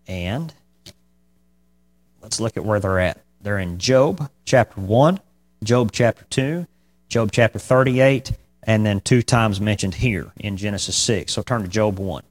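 Man preaching verse by verse. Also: unhurried. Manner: conversational, repeats "okay?" to the congregation; rises loud and high when pressing a point. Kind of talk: verse-by-verse Bible teaching.

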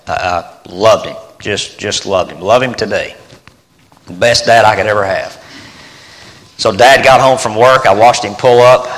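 Middle-aged male preacher, bright forceful tone, lowish voice, sermon in a big echoing hall. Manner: earnest storytelling, swings from hushed to rising emphasis. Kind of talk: sermon with personal story. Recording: long hall reverb.

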